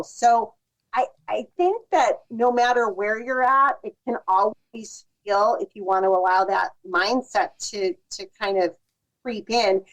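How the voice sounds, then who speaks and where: A woman's voice: medium pitch, rough recording. A woman, a podcast guest, giving thoughtful advice in casual conversation. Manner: thoughtful, restarts sentences.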